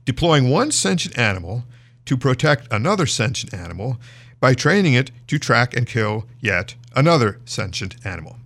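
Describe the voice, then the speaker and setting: A man's voice: mid-range voice, sing-song, normal speed, gravelly, fairly bright tone. A man hosting a news show, reading stories aloud in a casual, conversational way with frequent fillers and restarts.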